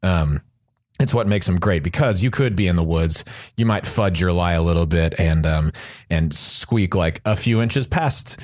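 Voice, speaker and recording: A man's voice: low-pitched, normal speed, a little mellow, no room sound, clean studio sound. A man co-hosting a podcast, answering listener questions in a rambling casual chat with many restarts. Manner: rambling, with frequent restarts and fillers. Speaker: podcast co-host.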